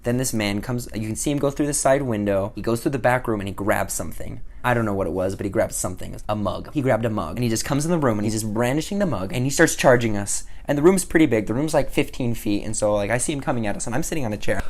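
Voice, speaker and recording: Young guy vlogging a story, jumps from whispers to loud bursts, pretty excitable. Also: lowish voice, fast, hardly any pauses. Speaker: vlogger telling a mission story. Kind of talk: animated storytelling to camera.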